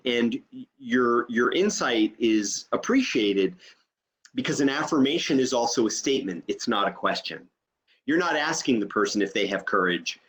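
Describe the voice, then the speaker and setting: Man, trainer, online lecture, video-call audio, patient explaining, mid-pitched. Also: fairly bright tone. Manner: explanatory, frequent "okay?" check-ins.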